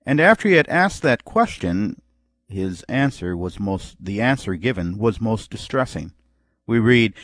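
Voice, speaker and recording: A man's voice: lowish voice, lively intonation, moderate pace, no room sound, clean studio sound. A man preaching a sermon. He reads scripture aloud and acts out imagined replies to make his point.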